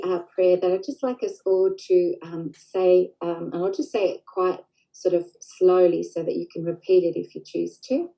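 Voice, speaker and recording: A woman leading a group in a slow, gentle healing prayer, pausing often with fillers. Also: lowish voice, rough recording. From Australia. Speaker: spiritual group leader.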